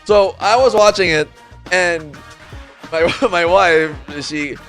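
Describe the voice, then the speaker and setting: A man, co-hosting a sports talk show and telling excitable stories with frequent laughter. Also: high voice, takes it slowly, soft background music. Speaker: podcast co-host. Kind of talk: animated sports banter storytelling.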